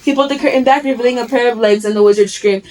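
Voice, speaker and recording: A woman vlogger telling a story in a lively, animated way, acting out what the characters say. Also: a little high, racing, rough recording.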